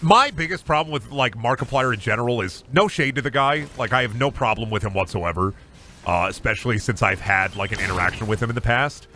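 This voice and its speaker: A man's voice: medium pitch, fairly quick, pushed and bright, slight background noise. A male streamer giving casual gaming commentary, rambling and swearing freely.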